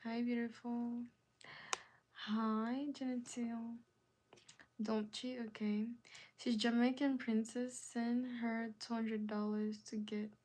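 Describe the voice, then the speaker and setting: A woman hosting a casual live stream, her voice pitched a little high and her pace unhurried. She reads viewer comments aloud and keeps repeating her question to the chat, now and then dropping into soft, half-whispered asides. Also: flat delivery, a little hiss or hum. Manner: drifts from loud rallying calls to soft near-whispered asides.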